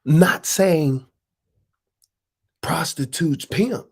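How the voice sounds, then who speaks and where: Male host, slow-talking street preacher energy, swears a lot, keeps asking "you understand". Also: fairly high pitch, creaky, a little mellow, breathy edge. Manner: profane, preachy slang with rhetorical questions. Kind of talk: casual monologue.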